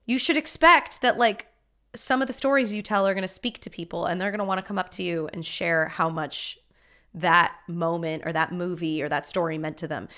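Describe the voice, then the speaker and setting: A woman's voice: fairly low pitch, brisk, pushed and bright. A woman streaming a casual reaction, blunt and exasperated, swearing and laughing between points. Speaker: streamer reacting to a news video.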